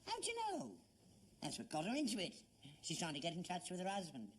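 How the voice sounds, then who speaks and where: A man's voice: sits high, wildly swooping pitch, brisk, fairly bright tone, a little hiss or hum, heavily acted. An older man with a London Cockney accent, acting an elderly father in a sitcom, earnest and stubbornly defensive. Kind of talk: 1970s British sitcom acting.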